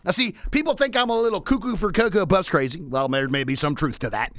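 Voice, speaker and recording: A man hosting a talk radio show, delivering an energetic, repetitive motivational monologue from the studio. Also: high-pitched, quick pace, few pauses, no echo. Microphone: studio microphone.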